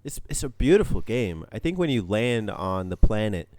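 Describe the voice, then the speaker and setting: A man co-hosting a gaming podcast, talking in a relaxed, rambling way with plenty of fillers. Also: fairly low pitch, normal speed, no room sound. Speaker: podcast co-host. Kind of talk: casual gaming podcast chat.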